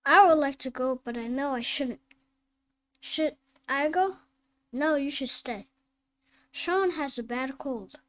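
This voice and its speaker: A woman reading phonics drills and simple sentences aloud, slow and deliberate, word by word. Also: high-pitched. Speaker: phonics teacher.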